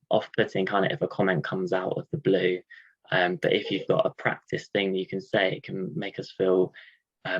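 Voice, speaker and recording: Gravelly deep-voiced man, dull audio. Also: no echo. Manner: thoughtful, hesitant with fillers. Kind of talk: live panel discussion.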